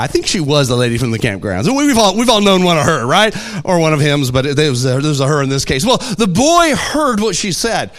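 A man preaching a sermon, telling stories with animated delivery and acting out voices. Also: on the high side, brisk, hardly any pauses. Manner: animated storytelling, acts out voices. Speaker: pastor.

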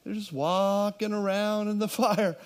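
A man preaching a sermon, telling a scripture story in a lively way, with humorous asides and frequent restarts. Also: sits high, a little slow. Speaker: pastor.

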